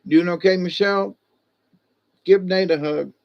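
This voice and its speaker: A man talks on his livestream in a loose, folksy ramble and drops in greetings to viewers by name. His voice sits high. The home audio sounds a little dull and lo-fi. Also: fairly even intonation, measured pace, creaky. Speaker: livestream host. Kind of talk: rambling casual livestream talk.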